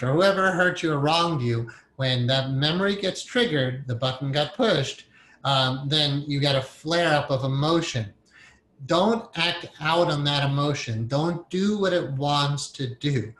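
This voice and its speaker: A man with a slightly high voice teaches meditation in a casual, conversational way. He repeats his key points and briefly acts out the inner voices of emotions. The room has a clear echo. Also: a bit bright. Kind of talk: recorded training lecture.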